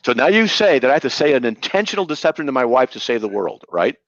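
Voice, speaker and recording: A man's voice: mid-range voice, sing-song, quick pace, no echo. A man debating, interrupting and firing back sarcastic, incredulous questions. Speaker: debater defending a belief. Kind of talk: heated live debate. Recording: dull, dry lo-fi sound.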